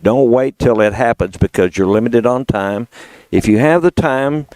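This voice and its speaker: A man's voice: medium pitch, moderate pace, a little mellow, no echo, poor audio. A man, a guest adviser on a radio talk show, explaining foreclosure steps in a plain, matter-of-fact way. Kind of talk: casual radio chat. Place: radio studio.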